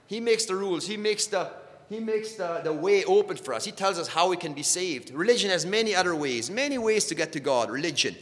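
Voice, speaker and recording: Middle-aged male preacher, slightly high bright voice, earnest and repetitive, reverberant hall. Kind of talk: sermon.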